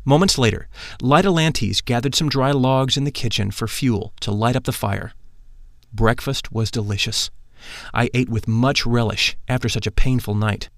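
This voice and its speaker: A man reading a spiritual first-person memoir aloud in a measured, solemn manner. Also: mid-range voice, no echo, clean studio sound. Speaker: narrator.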